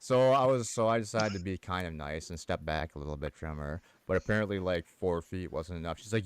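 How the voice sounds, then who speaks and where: A man's voice: deep voice, fairly quick, hardly any pauses, clear, resonant tone, dry recording. A man streaming from home, chatting casually and laughing between sentences as he tells a story. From United States. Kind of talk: casual storytelling while gaming.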